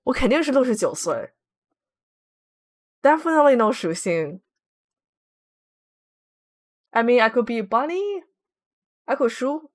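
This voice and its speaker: A woman streaming a game, chatting casually and giggling as she reads viewer messages aloud. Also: fairly high pitch. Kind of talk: casual livestream chat.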